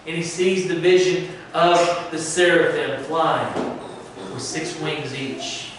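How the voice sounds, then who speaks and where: A man delivers a sermon at an unhurried, deliberate pace, leaning on key words and sinking into hushed passages. His voice sits a little high for a man. The sound is very reverberant and distant, with faint noise behind it. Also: little pitch movement. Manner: slow, emphatic preaching with dramatic drops to a hush. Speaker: pastor. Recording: echoey room, from far off, faint noise.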